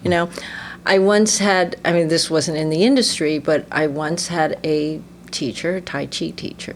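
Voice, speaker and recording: A woman in her sixties tells her stories with animated energy, laughing often and acting out the voices of people she quotes. Her voice sits a little low. A faint noise runs under the recording. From United States. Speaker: interview guest, actress. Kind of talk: casual interview conversation.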